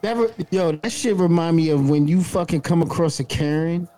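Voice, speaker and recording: A man's voice: a little high, normal speed, dark tone. A man co-hosting a podcast, talking in a blunt, profane, joking way. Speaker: podcast co-host. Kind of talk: casual podcast chat.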